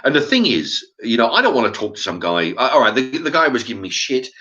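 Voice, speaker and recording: A man's voice: medium pitch, quick pace. A man, host of his own channel, telling a story in a casual, blunt monologue full of swearing. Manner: animated, blunt, swears freely. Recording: dull lo-fi recording.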